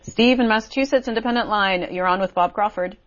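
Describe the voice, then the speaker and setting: A woman hosting a call-in radio show who speaks briskly and asks direct questions. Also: medium pitch, lo-fi sound. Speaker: radio host.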